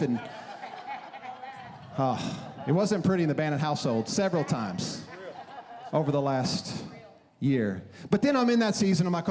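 A man's voice: high voice, very animated, unhurried, pauses often. A man in his thirties preaching a sermon on a church stage, telling stories animatedly and acting out his own frantic prayers. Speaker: pastor.

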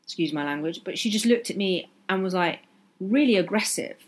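A woman's voice: on the low side, lively intonation, brisk, breathy edge. A woman hosting a solo podcast, talking earnestly and with passion, driving her points home by repeating them. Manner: earnest, impassioned, emphatic repetition. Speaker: podcast host.

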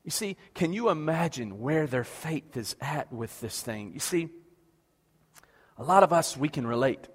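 A man's voice: a little high, lively intonation, measured pace, slightly rough, in a large hall. A man preaching a passionate sermon as pastor, repeating questions and stammering through restarts.

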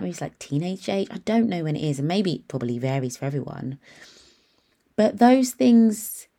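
A woman's voice: medium pitch, dark tone. A woman in her thirties hosting a podcast, speaking in an upbeat, encouraging and emphatic motivational monologue. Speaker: podcast host and nail tech mentor.

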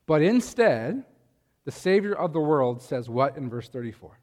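A man's voice: fairly high pitch, sing-song, normal speed, darkish tone, in a large hall. A man preaching a sermon, talking in a conversational way and asking his listeners rhetorical questions. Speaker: pastor.

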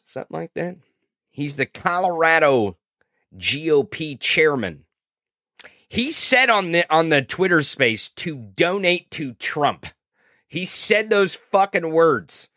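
A man's voice: a little high, bright, forceful tone, dry recording, studio quality. A man hosting a political podcast, talking in a profane, sarcastic, mocking way. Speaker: podcast host. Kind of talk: political commentary.

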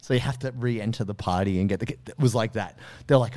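A man hosting a podcast, telling a story in a casual, animated way, swearing freely and acting out the quotes. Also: lowish voice, fast talker, a little hiss or hum. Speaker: podcast host.

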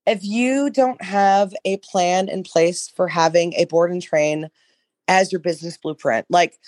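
A woman co-hosting a podcast in casual chat, hoarse from losing her voice, rambling and swearing freely. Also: fairly low pitch, measured pace, no echo. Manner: rambling, profane, animated. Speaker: podcast co-host, dog trainer business coach.

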